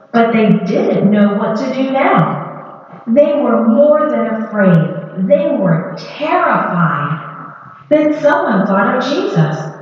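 A woman narrating a children's Bible story in a gentle, expressive read-aloud way. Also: on the high side. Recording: echoey hall, dull lo-fi.

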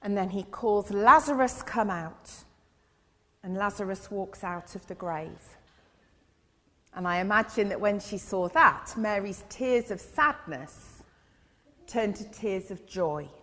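A woman giving a gentle children's sermon in church, asking her listeners questions as she goes. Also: mid-range voice, a little slow. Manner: gentle, asks the audience questions. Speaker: church speaker giving an all-age talk. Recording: long reverb in a big hall.

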